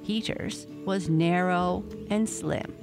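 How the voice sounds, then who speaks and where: A woman reading a bedtime story aloud in a calm, gentle way. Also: on the low side, slow. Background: soft music.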